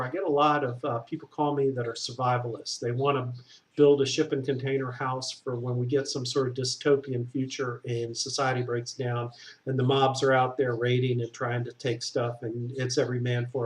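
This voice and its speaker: Blunt man, structural engineer type, rambling and opinionated. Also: medium pitch. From Southern US. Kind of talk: casual explanatory monologue.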